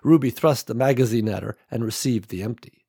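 A man narrating an action audiobook in a measured, dramatic way. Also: mid-range voice, warm tone, breathy edge, no room sound, clean studio sound.

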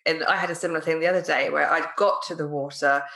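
A woman's voice: low voice, steady tone, quick pace, creaky, fairly bright tone. Chatty woman hosting in a roomy space. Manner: chatty, laughs often, many "like" fillers. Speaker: podcast host. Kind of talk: casual conversation. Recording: roomy echo.

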